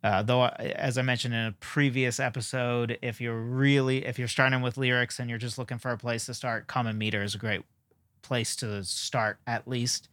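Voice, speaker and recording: A man hosts a podcast alone, thinking aloud with frequent fillers and wry asides about himself. His voice sits at an ordinary middle pitch, and it is recorded close and dry with no room sound. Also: flat delivery, moderate pace, fairly bright tone, no room sound. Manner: rambling, self-deprecating, frequent fillers. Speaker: podcast host. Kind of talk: casual solo podcast talk.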